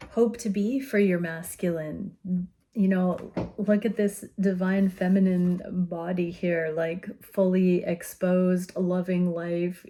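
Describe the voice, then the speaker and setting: A woman giving an intuitive tarot reading, speaking in a gentle, soothing and earnest way with soft laughs. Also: fairly low pitch. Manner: slow, gentle and soothing, often laughing softly; earnest and openly emotional. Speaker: tarot reader.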